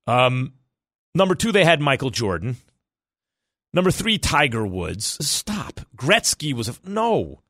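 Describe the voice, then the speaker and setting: A man hosting a sports talk radio show, arguing his opinions in a fast, animated, self-correcting way. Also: mid-range voice, no echo, clean studio sound.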